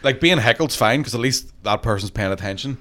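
A man's voice: mid-range voice, expressive, a little fast, pushed and bright. Laughing, profane man. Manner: profane, laughing through his own stories. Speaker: stand-up comedian guest. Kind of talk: casual podcast storytelling.

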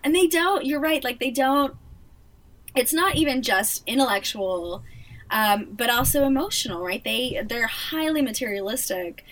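A woman co-hosting a casual podcast, chatty and expressive, full of fillers. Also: fairly high pitch, moderate pace, distant mic. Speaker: podcast co-host.

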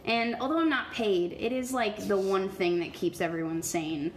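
A woman voicing a mysterious, calmly menacing woman who knows everything about everyone, in a tabletop game. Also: mid-range voice, moderate pace, natural voice. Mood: ominous. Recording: echoey room, faint noise.

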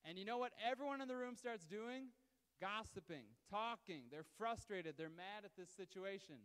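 During a live service, a high-voiced male pastor delivers his sermon loosely and conversationally, throwing asides to the congregation. His voice is smooth, resonant, expressive and a bit bright, at a moderate pace, with long reverb from the church hall.

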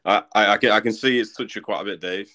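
A man's voice: on the low side, quick pace, pushed and bright. A man co-hosting a football podcast, telling match stories in a teasing, laid-back way. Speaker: podcast co-host. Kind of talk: casual football chat.

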